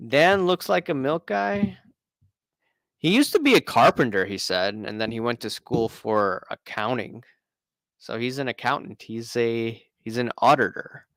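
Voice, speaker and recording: A man's voice: medium pitch, gravelly, fairly bright tone, dry recording. A man hosting a casual live stream, chatting and reading out viewer comments in a rambling way.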